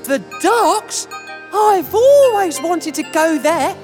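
A woman voicing a small, eager young crane with a bright, keen way of talking in a storybook reading. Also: very high voice, expressive, takes it slowly, faint music behind, pitched above the performer's own voice, full character voice.

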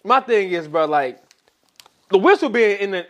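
A man's voice: sits high, animated, moderate pace, fairly bright tone. A young man arguing about a football game in casual, slangy chat, repeating himself as he builds his point.

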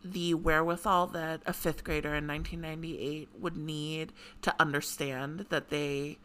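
A woman co-hosting a casual podcast chat, talking with lots of "like" fillers and breaking into sudden excited bursts. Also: low-pitched, normal speed, smooth. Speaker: podcast co-host.

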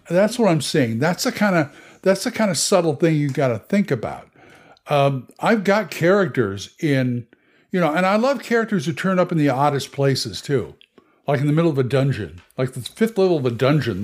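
Animated rambling man on a podcast. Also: a little high, normal speed. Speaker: podcast host. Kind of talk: casual monologue on tabletop games.

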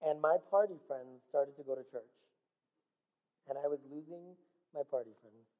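A man's voice: fairly high pitch, normal speed. Guy pastor preaching his testimony, big hall reverb, tinny phone sound. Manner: earnest storytelling, addresses congregation as guys. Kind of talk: sermon with personal testimony. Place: church hall.

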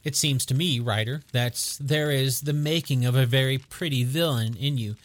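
A man voicing a calm, stern detective who speaks quietly and precisely. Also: medium pitch, moderate pace, natural voice. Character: cool, commanding male detective.

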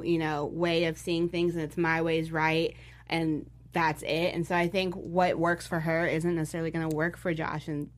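A young woman chatting casually as a podcast co-host, full of "like" and "you know" fillers, with the hiccups. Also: low voice. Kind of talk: casual chat.

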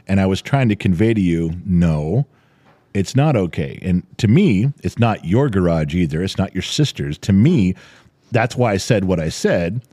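A man's voice: low voice, normal speed, dry recording. A middle-aged man co-hosting a podcast, telling family stories in casual chat and swearing now and then. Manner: animated storyteller, swears casually. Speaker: podcast co-host.

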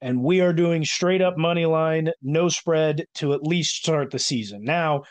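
A man's voice: a little high, a little slow, dry recording. A man hosting a casual sports podcast, chatty and rambling, with many filler words. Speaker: podcast host.

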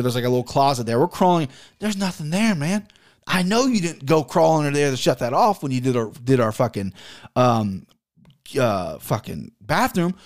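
A man's voice: medium pitch, darkish tone. A man hosting a podcast, telling a long exasperated story in a casual, profane way. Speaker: podcast host.

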